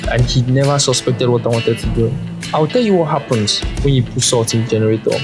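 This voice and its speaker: A man's voice: mid-range voice, brisk, over music. Chatty male podcast host telling stories. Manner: rambling storyteller, chatty with fillers. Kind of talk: casual solo podcast monologue.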